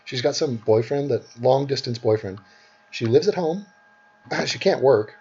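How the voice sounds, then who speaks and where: Husky, blunt man on lo-fi audio. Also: medium pitch, animated, a little slow, mellow. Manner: blunt, scornful and profane, laughing often. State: sick. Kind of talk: casual stream chat. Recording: dull lo-fi audio.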